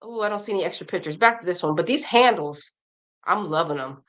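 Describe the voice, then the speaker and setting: A woman with a lowish voice and lively intonation talks fast as she hosts a casual crochet live stream. She chats with viewers, reads their comments aloud and reacts, and runs through pattern blurbs upbeat.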